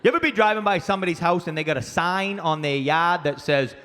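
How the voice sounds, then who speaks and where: A man's voice: sits high, quick pace. A man from Maine with a Maine accent doing a crude stand-up routine, telling stories and acting out people's voices. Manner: loud, crude storytelling with acted-out voices. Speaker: stand-up comedian. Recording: live club recording with long reverb and faint ambience.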